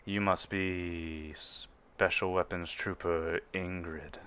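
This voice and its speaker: A man's voice: low-pitched, steady tone, a bit bright, clean tone. A man doing a towering, formal officer. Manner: measured, formal, approving. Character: towering stern male Imperial officer.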